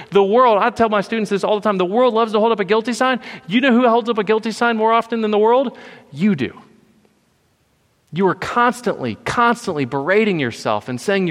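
Emphatic preacher man in a reverberant hall. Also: fairly high pitch. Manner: emphatic, repetitive, often asks "right?". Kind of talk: sermon.

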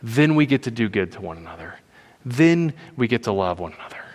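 A man's voice: mid-range voice, big pitch swings, fairly quick, big-room sound. A man preaching a sermon, emphatic and repetitive, often checking in with "right?".

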